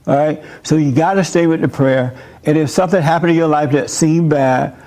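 A man's voice: on the high side, steady tone, fairly quick, warm tone. A man preaching a sermon to a gathered audience. He talks bluntly and with emphasis, as the host of his own call-in show. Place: room with a live audience.

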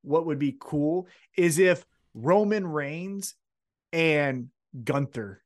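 Lively chatty male podcast co-host. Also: on the high side, slow. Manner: chatty, recaps with acted-out quotes and profanity. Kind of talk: casual wrestling chat.

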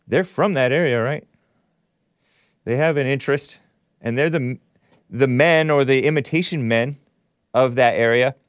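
A man's voice: medium pitch, smooth, no room sound, studio quality. Sarcastic man hosting a commentary show. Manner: sarcastic, laughs at his own remarks. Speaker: show host. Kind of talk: solo political commentary show.

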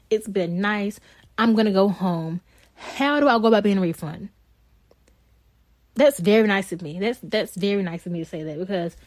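A woman co-hosting a podcast, telling a story in an animated, exasperated way. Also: mid-range voice, no room sound. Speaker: podcast co-host. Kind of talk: casual storytelling chat.

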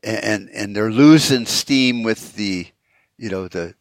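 A man's voice: on the low side, takes it slowly, dry recording. Profane rambling man podcasting. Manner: profane, rambling, with frequent fillers and restarts. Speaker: podcast host. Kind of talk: solo podcast rant.

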